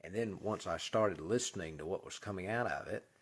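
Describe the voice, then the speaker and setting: Male host, husky low voice, earnest spiritual monologue, drops to whispers for emphasis. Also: a little fast.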